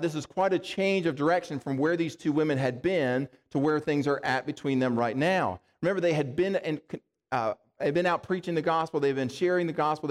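A man with a somewhat raised pitch preaches a sermon in a chatty, explanatory way. He often asks rhetorical questions and stops to make a point. His voice carries a long reverb from a large hall. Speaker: pastor.

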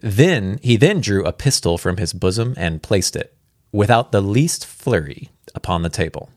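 Deep-voiced man reading a story aloud. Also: moderate pace, no room sound, clean studio sound. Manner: relaxed, chatty, comments and laughs at his own slips. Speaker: reader. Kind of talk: casual read-aloud of a classic story with asides.

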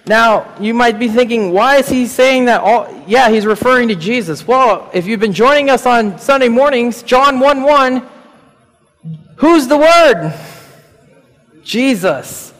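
A man with a high voice delivers a sermon as pastor. He is animated, climbs to emphatic peaks and chuckles between points. His words ring through a church hall with a long reverb. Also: a little slow.

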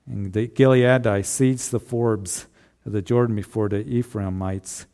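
A man's voice: on the low side, fairly even intonation, a little slow, dark tone. A man preaching a sermon as pastor, in a conversational way with rhetorical tag questions.

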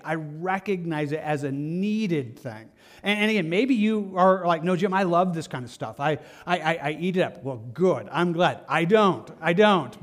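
A pastor preaching a Sunday sermon in an earnest, conversational way, acting out the lines he quotes. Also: high-pitched.

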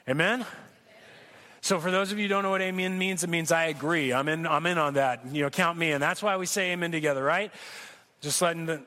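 A man preaching a sermon in church, telling jokey stories in an animated way, with asides to the congregation. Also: a little high, fast talker. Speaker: pastor. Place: church sanctuary.

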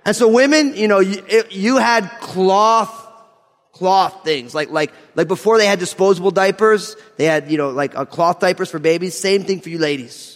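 A man from New Jersey preaching a sermon, mixing scripture reading with animated, joking stories and laughing through his lines. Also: high-pitched, in a large hall. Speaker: pastor. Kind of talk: sermon with humorous storytelling.

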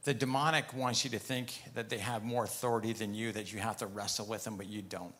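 A man's voice: lowish voice, fairly even intonation, a little fast, a bit bright. A man preaching a sermon, telling a story and retelling conversations as he goes, then turning firm and emphatic on commands.

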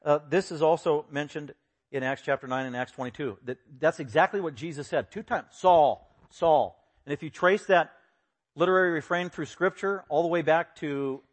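A male pastor delivers a verse-by-verse sermon in a voice pitched a little high. He is animated and theatrical, slipping into the voices of the people he quotes and jumping to sudden loud bursts. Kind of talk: expository sermon.

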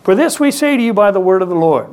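A man with a high voice preaches a sermon in a church. He speaks with strong emphasis and prompts the congregation to call out responses. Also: animated, fast talker, darkish tone. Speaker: pastor. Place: church sanctuary.

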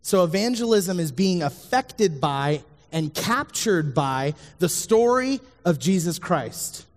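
A man's voice: high-pitched, expressive, slow. A man preaching a sermon as a youth pastor, speaking earnestly to his listeners and repeating the key lines. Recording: long hall reverb.

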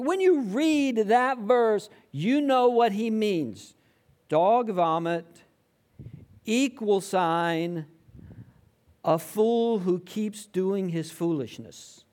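A man preaching a sermon in a conversational, animated way, acting out quotes. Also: sits high. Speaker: pastor.

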